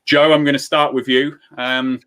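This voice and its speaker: A man's voice: medium pitch, little pitch movement, moderate pace, sharp tone, smooth. A man with a Lancashire accent hosting a casual football watchalong, upbeat and chatty, laughing often. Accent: Lancashire English. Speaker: watchalong host.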